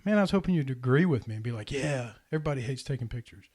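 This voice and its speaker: A man telling a heartfelt personal story in a casual podcast chat, earnest and animated. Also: mid-range voice, very fast. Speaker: podcast host.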